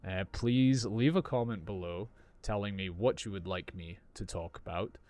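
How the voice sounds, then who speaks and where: A man teaching English in an unscripted podcast, explaining slowly and clearly as he improvises. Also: low voice, darkish tone.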